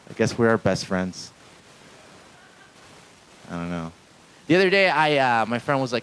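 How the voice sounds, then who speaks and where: Speaking at a medium pitch and normal speed, this stand-up comedian pauses often. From a Mexican-American family, he rambles through a self-deprecating live set at a small club, cursing a lot and chatting with the audience, on a low-quality recording with a little hiss or hum.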